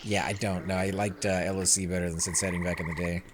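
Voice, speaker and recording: A man with a deep voice hosts a gameplay session, speaking fast and flatly over a little hiss or hum. He chats casually with friends in voice chat and thinks aloud as he plays.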